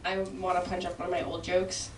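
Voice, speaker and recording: A woman trying out a stand-up bit in a comedy class, with a soft, understated delivery. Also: lowish voice, completely flat delivery, brisk, background noise. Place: class room. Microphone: far room mic. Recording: roomy distant room recording.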